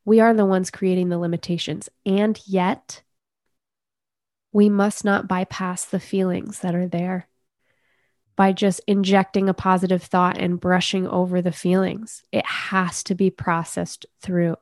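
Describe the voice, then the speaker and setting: A woman coach speaking as a podcast guest, earnest and measured as she talks about inner healing. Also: on the low side, little pitch movement, darkish tone, no echo, clean studio sound. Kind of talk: reflective conversational interview.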